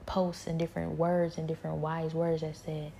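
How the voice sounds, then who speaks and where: A woman giving a rambling personal spiritual testimony, speaking softly and often dropping into a whisper. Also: sits low, completely flat delivery, moderate pace, gravelly, slight background noise. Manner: soft-spoken, often trailing into whispers; rambling, many fillers and repeats.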